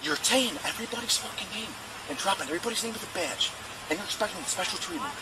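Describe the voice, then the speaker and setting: A man with a very high voice berates and yells in a fast, aggressive rant. The recording is full of loud background noise. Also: lively intonation. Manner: yelling, berating. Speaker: YouTuber, police officer. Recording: noisy recording.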